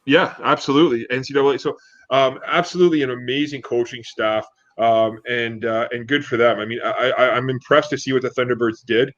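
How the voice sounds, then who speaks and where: A man's voice: mid-range voice, steady tone, a little fast, fairly bright tone. A man co-hosting a sports talk show, chatting casually and telling rambling stories with lots of fillers. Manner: rambling, many fillers, storytelling. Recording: dull dry lo-fi audio.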